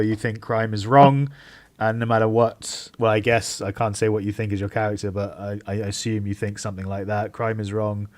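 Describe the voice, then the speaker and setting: A man narrating as game master in a tabletop game, relaxed and full of hesitations. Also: on the low side. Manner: casual, relaxed, with frequent hesitations.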